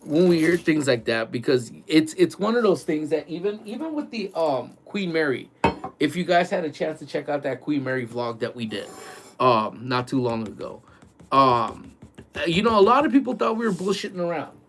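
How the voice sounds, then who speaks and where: A man vlogging from his workplace early in the morning, telling a ghost story in a loose, animated way full of "like" and "dude". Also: a little high, normal speed, slight background noise. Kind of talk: casual storytelling.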